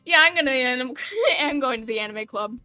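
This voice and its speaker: A woman's voice: high-pitched, animated, brisk, sharp tone, no room sound, soft background music. A young woman streaming a game, casually chatting and reading narration in a giggly, playful way. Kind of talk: casual let's-play chat and narration.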